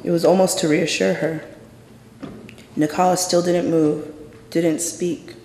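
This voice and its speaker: In a live spoken-word performance, a gravelly, fry-heavy mid-range voice tells a true story from a stage, intense and measured with little pitch movement, dropping to a hush at the quietest moments. A large hall's long reverb makes the sound ring around the room, and there's a little hiss or hum.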